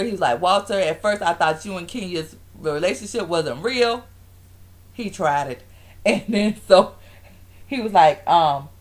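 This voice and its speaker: A woman chats through a recap, her voice leaping up and down as she plays everyone's lines. She sits a little low in pitch and laughs between stories. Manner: animated storytelling, acting out quotes in different voices, frequent laughs. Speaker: vlogger reviewing a reality show. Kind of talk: casual recap vlog.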